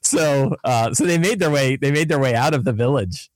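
Man telling game stories in animated chat. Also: mid-range voice, normal speed, no room sound, clean studio sound. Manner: animated storytelling. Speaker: game master and podcast co-host. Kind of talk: casual chat.

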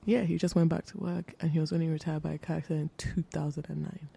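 A woman's voice: low voice, flat delivery, quick pace, vocal fry, warm tone, husky. A young woman co-hosting a podcast, setting up a true-or-false quiz in a playful, chatty way. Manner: playful quiz-giving storyteller. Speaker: podcast co-host. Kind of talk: casual chat.

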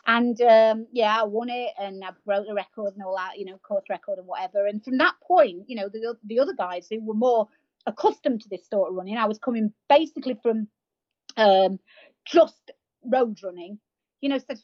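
A woman, telling stories as a podcast guest in a lively, self-mocking way, with plenty of fillers and restarts. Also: a little high, brisk, no room sound, lo-fi sound. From United Kingdom. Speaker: guest, marathon runner. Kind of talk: casual storytelling in an interview.

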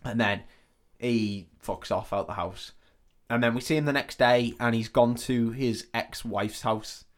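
Male co-host, average pitch, loose sweary storyteller recapping a movie. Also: steady tone. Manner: rambling, sweary storytelling with quick acted-out quotes. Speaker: podcast co-host. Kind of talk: casual chat retelling a film plot.

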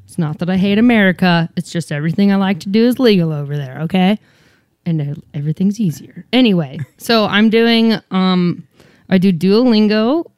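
A woman guest in casual chat, animated and self-mocking, swearing freely. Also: mid-range voice, normal speed, no room sound, clean studio sound.

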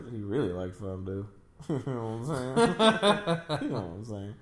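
A man's voice: mid-range voice, big pitch swings, unhurried, echoey room. A man playing a game and trading playful, laughing banter with a friend. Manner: playful, laughs often, riffs on the scenes. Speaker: game player. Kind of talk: joking let's-play banter.

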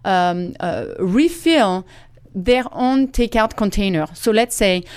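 A woman's voice: mid-range voice, slow, a little mellow, smooth, dry recording. A woman guest being interviewed in a studio, explaining her everyday habits step by step in a practical way. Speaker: guest author. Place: radio studio.

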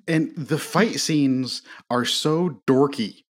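A man on a casual movie podcast, rambling through his strong opinions and circling back with fillers. His voice sits at an ordinary middle pitch for a man. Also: slow pace. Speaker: podcast co-host.

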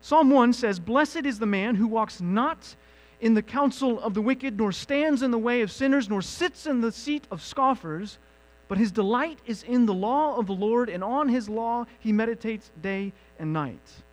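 A male pastor preaching a sermon, teaching with emphatic, animated asides. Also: very high-pitched, normal speed, low-quality recording. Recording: mains hum in background.

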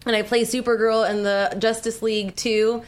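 A woman's voice: a little high, level tone, normal speed, very noisy. A young woman, a guest on a talk show, chatting casually with lots of giggles and fillers. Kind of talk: casual chat.

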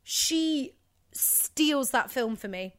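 A woman co-hosting a podcast, chatting casually and gushing about films with quick asides. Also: high-pitched, animated. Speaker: podcast co-host. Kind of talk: casual chat.

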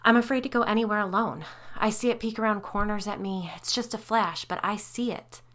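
Lady reading as anxious haunted wife, pleading, kinda forceful tone. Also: mid-range voice, fairly quick, voice pushed up, close to an everyday voice. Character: anxious tormented woman, Sally, haunted wife.

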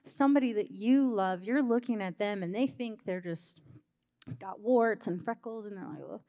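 In a church sanctuary, a woman pastor with a dark, mid-range voice delivers a sermon at a moderate pace. Her tone is conversational as she spurs her congregation on, and the space adds long, hall-like reverb.

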